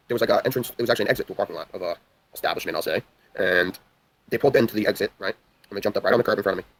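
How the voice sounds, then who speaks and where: A man's voice: on the low side, breathy edge, poor audio. A young man from the New York area tells a long story on a livestream. He talks in a rambling, intense way and swears a lot. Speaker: livestream host.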